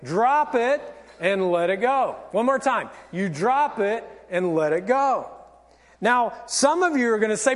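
A male pastor giving an animated, theatrical sermon, acting out everyday examples. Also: high-pitched, a little slow. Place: church sanctuary. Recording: long church reverb.

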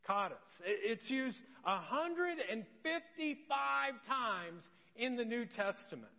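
A man's voice: very high-pitched, lively intonation, slow pace, creaky. A man preaching a sermon as pastor, earnest and emphatic, repeating key phrases. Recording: dull sound with long church-hall reverb.

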